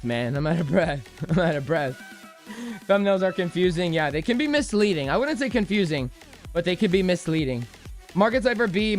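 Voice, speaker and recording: A man's voice: high-pitched, a bit bright. A man streaming about crypto trading, answering viewer questions in a loose, joking, self-deprecating way with many restarts. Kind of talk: casual livestream chat answering viewer questions.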